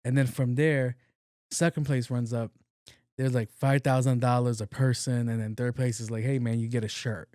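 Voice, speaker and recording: Male podcast host, mid-pitched, casual storyteller, crude humor, does voices for his coworkers, dry mic. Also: flat delivery, normal speed, mellow, no echo. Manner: profane, joking, acts out dialogue.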